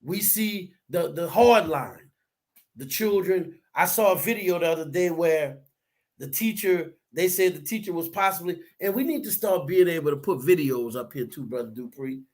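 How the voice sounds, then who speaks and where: A man co-hosting a casual discussion, talking in a preachy, animated way that rises to near shouts. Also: a little high, normal speed.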